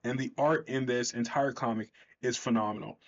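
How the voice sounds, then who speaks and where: A man's voice: medium pitch, fairly even intonation, moderate pace. A man chatting enthusiastically as he recaps a comic book, correcting himself as he goes, on a slightly dull recording.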